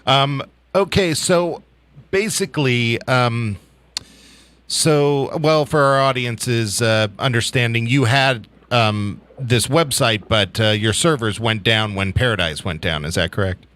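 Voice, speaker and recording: A man's voice: medium pitch, a little slow. A man hosting a radio show, chatting casually and telling stories with easy laughs. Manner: relaxed storyteller, easy laughs.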